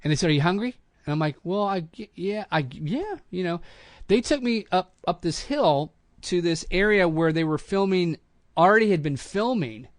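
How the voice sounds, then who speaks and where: A middle-aged man, a voice actor hosting a podcast, telling a long show-business story in a casual, animated way and acting out the quotes. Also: high-pitched, moderate pace, no room sound, clean studio sound.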